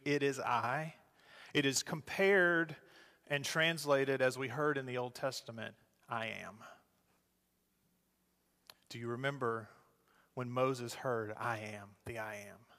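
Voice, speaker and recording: Pastor preaching in a reverberant hall. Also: male voice, mid-range voice, steady tone. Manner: moves between loud urging and soft, slow quiet phrases. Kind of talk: sermon.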